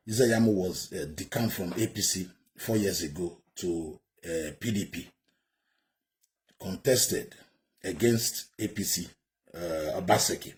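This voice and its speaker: A man's voice: low voice, a little mellow. A Nigerian man giving heated, indignant commentary, ranting and repeating himself.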